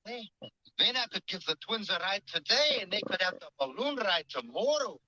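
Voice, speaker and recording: A proud Scottish engine. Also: male voice, high voice, very animated, normal speed, sharp tone, dry recording, exaggerated voice. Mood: eager. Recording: dull lo-fi show audio.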